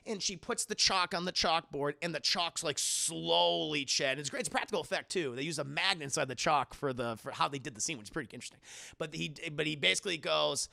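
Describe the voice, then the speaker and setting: Gravelly man rambling through a movie recap. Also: on the high side, fast talker, pushed and bright. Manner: rambling, restarting, many fillers. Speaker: movie reviewer. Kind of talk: casual animated retelling.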